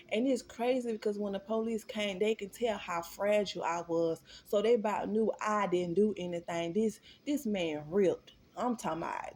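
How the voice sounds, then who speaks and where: A young woman with a low, gravelly voice talks straight to her viewers in a casual storytime vlog. She is candid and profane and keeps calling them y'all, with a faint hiss behind her. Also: darkish tone. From Florida.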